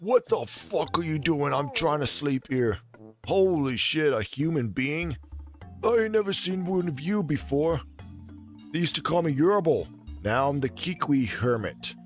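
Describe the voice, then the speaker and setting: Man doing a cranky, gruff old hermit bird creature, raised pitch, impatient dub. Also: lively intonation, unhurried, soft background music. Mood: grumpy. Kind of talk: video game voice dub.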